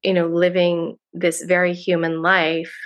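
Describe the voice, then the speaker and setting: A middle-aged woman guest on a podcast, talking casually and warmly, gushing and laughing often. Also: lowish voice, monotone, unhurried, dull audio.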